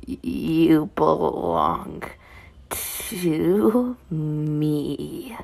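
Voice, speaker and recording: A woman voicing a possessive, menacing young male killer who taunts in slow growls and hushed whispers. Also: on the high side, creaky, exaggerated voice. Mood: taunting.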